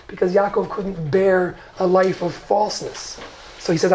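A woman gives a Torah lesson, moving between Hebrew verses and her own explanations. Her voice has a gravelly, creaky texture, and a faint hiss sits underneath the recording. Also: mid-range voice, fairly even intonation, moderate pace, darkish tone. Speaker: Torah teacher. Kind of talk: lecture on Genesis text.

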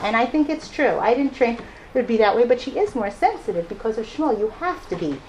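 Animated woman telling family stories. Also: a little high, fairly quick, slight background noise, low-quality recording. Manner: animated, laughing often, acting out the people she quotes. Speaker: mother speaking to an audience. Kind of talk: personal storytelling talk.

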